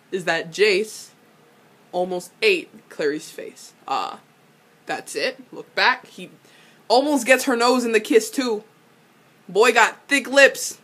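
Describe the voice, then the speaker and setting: Bright-voiced young woman ranting. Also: mid-range voice, a little slow, long pauses. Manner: excitable, swears freely, bursts into loud laughing rants. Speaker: YouTuber recapping a TV episode. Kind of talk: casual episode recap.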